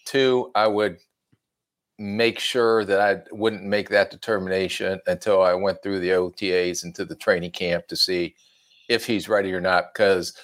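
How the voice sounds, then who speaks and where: Lower-voiced middle-aged man telling folksy stories. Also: flat delivery, normal speed, a bit bright. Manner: folksy storyteller, laughs at himself. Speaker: former team executive, analyst. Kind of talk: casual sports talk.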